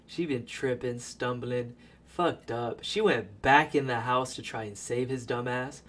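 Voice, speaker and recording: A man giving a casual, profane recap of a movie as a voice-over, animated and laughing as he tells it. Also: medium pitch, unhurried. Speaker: video creator.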